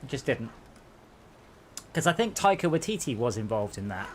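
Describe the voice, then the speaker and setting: A man's voice: medium pitch, big pitch swings, normal speed, a little hiss or hum. A man streaming a co-op driving game, chatting casually and joking at his own expense. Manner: chatty, joking, self-deprecating. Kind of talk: casual gaming chat.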